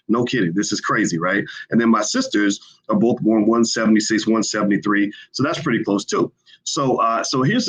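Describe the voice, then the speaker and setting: Low-voiced man talking on a livestream. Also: breathy edge, dull audio. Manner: conversational, many fillers and restarts. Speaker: livestream host. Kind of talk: casual livestream talk. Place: indoors, hotel.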